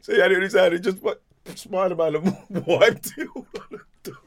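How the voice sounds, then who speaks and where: A man co-hosting a casual podcast chat, animated and quick to laugh. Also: high-pitched. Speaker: podcast co-host.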